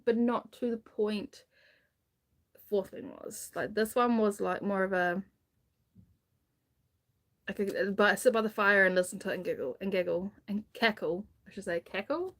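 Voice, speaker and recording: A woman chatting casually on a live book stream, rambling enthusiastically with many restarts and fillers. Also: mid-range voice. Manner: gushing enthusiasm about a book.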